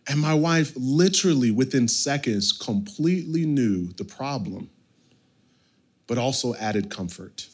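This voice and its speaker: A man in his thirties, a pastor preaching a sermon and telling a family story with animated, sudden shifts between loud and soft. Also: medium pitch, unhurried.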